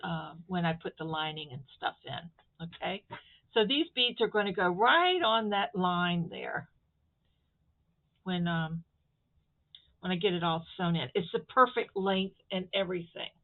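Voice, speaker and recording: A woman's voice: on the low side, lively intonation, measured pace. A woman from Florida chatting casually to her viewers as she shows off a sewing project, rambling and stopping to handle the fabric. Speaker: crafting vlogger. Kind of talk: casual craft show-and-tell. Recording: tinny phone-quality audio.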